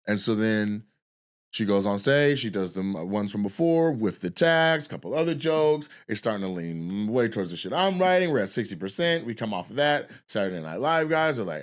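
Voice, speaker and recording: A man's voice: fairly low pitch, animated, normal speed. Profane storytelling comedian in his forties. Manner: profane, loose and rambling, acts out the people he quotes. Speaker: comedian and podcast host. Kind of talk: casual storytelling on a podcast.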